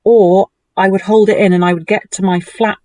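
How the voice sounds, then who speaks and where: A woman, a guest, telling a personal story in a conversation, animated and emotional. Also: normal speed. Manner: animated and emotional, lively pitch swings.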